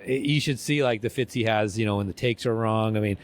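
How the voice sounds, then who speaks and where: A man's voice: fairly low pitch, fairly quick. A man co-hosting a podcast, chatting casually in a rambling, self-deprecating way with frequent restarts. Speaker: podcast co-host. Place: convention venue.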